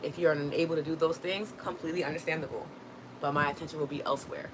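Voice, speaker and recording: A woman's voice: sits low, fairly even intonation, fast talker, background noise. A woman hosting a livestream, talking earnestly and reassuringly to her viewers, often checking in with "right?". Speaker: host. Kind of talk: livestream motivational talk.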